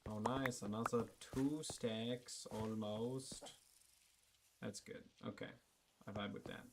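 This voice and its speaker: A man's voice: fairly low pitch, fairly even intonation, slow, background noise. A man giving casual gameplay commentary as the channel's host, rambling along with joking asides and lots of fillers.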